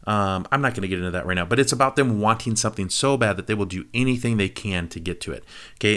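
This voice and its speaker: In a relaxed plot retelling, a low-voiced man who reviews movies on his vlog chats with lots of energy. Quick remarks to his audience break up the story, and he performs the quoted dialogue himself.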